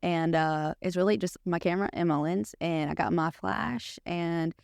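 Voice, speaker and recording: A woman's voice: on the low side, moderate pace, vocal fry, a little mellow, no room sound, studio quality. A woman guest chatting casually about her photography work, easygoing, with many fillers. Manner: chatty, agreeable, filler-heavy. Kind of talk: casual interview chat.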